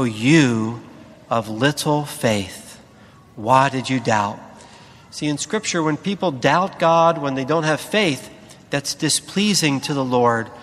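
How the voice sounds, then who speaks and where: A priest giving a sermon, speaking slowly and deliberately with emphatic pauses. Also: male voice, on the high side, a bit bright, long reverb tail.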